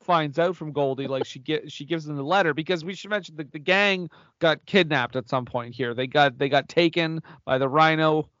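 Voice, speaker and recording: A man's voice: a little high, normal speed, dry recording, highs cut off. A man co-hosting a casual movie-review podcast, retelling scenes with laughs and repeats. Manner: laughing, animated retelling with repetitions. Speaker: podcast co-host.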